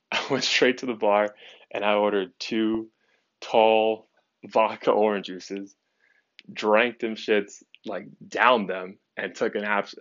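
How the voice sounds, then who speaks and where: Low-voiced young man swearing through a story. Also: a bit bright, dry recording. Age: young adult. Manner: candid, heavy swearing, lots of fillers. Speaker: podcast host. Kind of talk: casual personal storytelling. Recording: dry, dull lo-fi sound.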